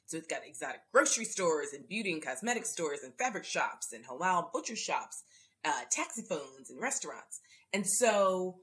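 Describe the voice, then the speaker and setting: A woman's voice: fairly low pitch, big pitch swings, normal speed, fairly bright tone. A woman hosting a quiz podcast, chatting and reading trivia answers to her guest. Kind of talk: podcast interview.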